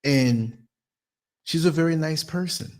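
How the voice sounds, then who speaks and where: A man hosting a podcast, telling stories in a blunt, animated monologue. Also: fairly high pitch, a little slow. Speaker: podcast host. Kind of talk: casual commentary monologue.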